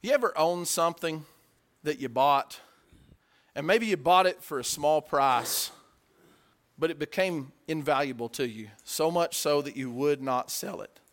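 Guy giving a sermon, bit high voice, goes quiet then gets loud and emphatic, keeps asking the crowd questions. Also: lively intonation, measured pace. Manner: conversational, swings between hushed asides and loud emphatic peaks; asks the listeners questions and acts out quotes. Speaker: preacher.

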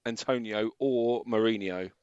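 A man's voice: fairly low pitch, steady tone, measured pace, a little mellow, smooth, no echo. A man co-hosting a casual football podcast and running a quiz, laid-back and chuckling as he talks. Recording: dull dry lo-fi sound.

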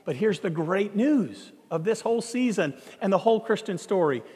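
A man preaching a sermon, telling a story in a conversational, animated way and acting out the dialogue. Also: high-pitched, moderate pace, breathy edge. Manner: animated, acts out quoted dialogue, conversational asides. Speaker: pastor. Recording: long hall reverb.

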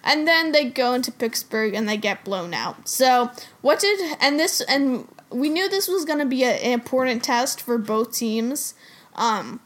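A woman's voice: a little high, unhurried, a bit bright. A woman co-hosting a casual sports chat, chatty and playful, breaking down games. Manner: chatty, giggly, interrupts playfully. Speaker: podcast co-host.

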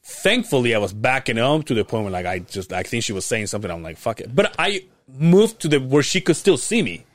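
A man's voice: mid-range voice, brisk, few pauses, no room sound, studio quality. A young man co-hosting a podcast, telling a long casual story full of swearing and quoted voices. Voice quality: profane, animated retelling with quoted voices. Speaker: podcast co-host.

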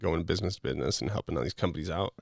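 A man telling personal stories in a casual, animated way, acting out dialogue and using lots of fillers. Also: sits low, rapid-fire, vocal fry, no echo, clean studio sound. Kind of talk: casual storytelling.

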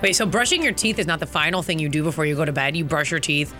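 A woman co-hosting a radio talk show, cutting in with quick, teasing questions and remarks in casual studio chat. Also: low-pitched, animated, over music.

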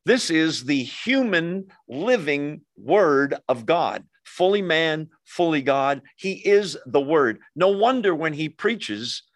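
A man preaching a sermon to his congregation, telling the story in a chatty, animated way with quick asides to listeners. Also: fairly high pitch, no room sound, clean studio sound. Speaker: pastor.

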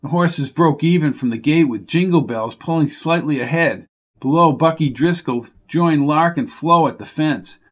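A man narrates an audiobook mystery in a steady storytelling voice. His pitch sits a little on the high side for a man. He reads at an even, unhurried pace.

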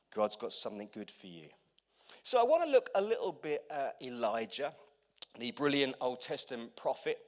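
A man preaching a sermon to his church, animated, swinging between loud emphatic bursts and quiet intimate asides. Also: medium pitch. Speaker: pastor.

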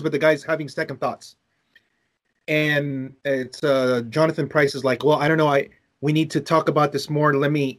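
A man co-hosting a casual podcast, talking animatedly, swearing and telling long stories. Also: on the high side. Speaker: podcast co-host. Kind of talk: casual chat.

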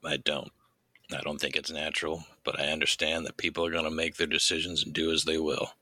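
A man voicing a world-weary man with a robot arm in a tabletop role-play, speaking in a calm, resigned way. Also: a bass voice, fairly quick, dry recording, full character voice.

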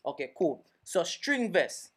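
A man's voice: high voice, big pitch swings, slow pace, a bit bright. A man co-hosting a casual podcast, steering the talk with questions. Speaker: podcast co-host. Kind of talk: casual group banter.

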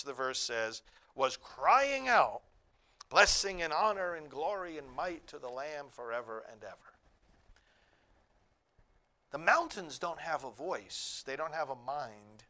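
A man preaching a sermon, emphatic, rising to near shouts on key phrases. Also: on the high side, very animated, unhurried.

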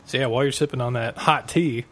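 A man's voice: mid-range voice, fast talker, fairly bright tone. A man co-hosting a casual podcast, making dry wisecracks in loose banter. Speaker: podcast co-host.

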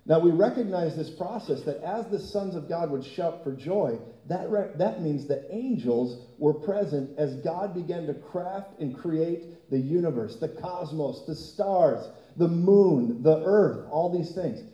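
A man preaching a sermon as pastor, telling an animated story and often laughing. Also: on the high side, a little slow, few pauses, roomy sound, low-quality recording.

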